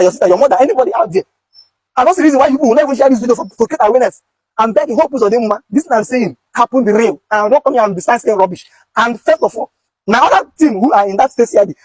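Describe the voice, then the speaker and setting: Nigerian man, husky voice, fast urgent pleading, high-pitched, dry sound. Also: darkish tone, no room sound. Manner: urgent, pleading, repeats phrases. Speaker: content creator recounting police detention. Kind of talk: emotional direct-to-camera appeal.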